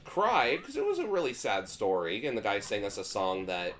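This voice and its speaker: A young man on a gaming podcast, casually telling a rambling, animated story with lots of "like". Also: on the low side, moderate pace. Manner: animated, rambling, acts out quotes. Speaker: podcast co-host.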